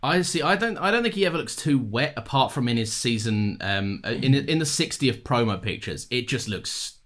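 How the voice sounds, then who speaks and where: Male podcast co-host, mid-pitched, rambling jokey banter. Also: expressive, moderate pace, a bit bright. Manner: joking, rambling, swears casually. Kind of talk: casual chat.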